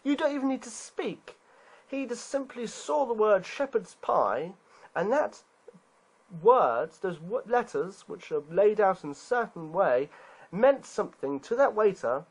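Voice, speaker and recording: A man's voice: high voice, lively intonation, measured pace, breathy edge, poor audio. A man giving a preachy, rhetorical monologue, emphasizing points and asking rhetorical questions. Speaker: video creator being responded to.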